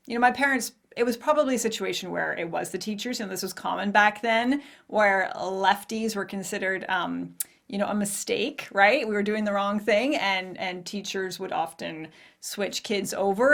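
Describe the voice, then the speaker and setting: Woman in her forties, podcast host, candid personal monologue, lively storytelling, middle pitch. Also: gravelly. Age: 40s. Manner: candid, animated storytelling with laughs and acted-out quotes.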